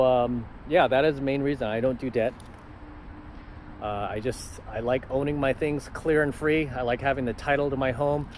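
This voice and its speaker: A man's voice: mid-range voice, darkish tone, slight background noise, low-quality recording. A man telling stories in a casual vlog, confident and matter-of-fact. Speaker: channel host.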